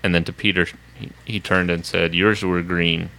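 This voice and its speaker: Playful male podcast co-host, low pitch, bright forceful tone, reads fan mail. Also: little pitch movement, normal speed, poor audio. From Oklahoma. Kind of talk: casual podcast chat, reading listener emails.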